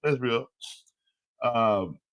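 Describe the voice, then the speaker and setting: A man hosting a fantasy football show, talking casually and excitedly, laughing often and trash-talking teams in slangy speech. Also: mid-range voice, very slow, dull audio. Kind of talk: casual solo sports commentary.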